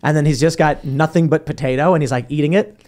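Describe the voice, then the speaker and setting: A man's voice: a little high, darkish tone. A man hosting a casual podcast panel, joking and acting out quotes in other voices. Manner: quick, jokey, acts out quotes in voices. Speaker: podcast host.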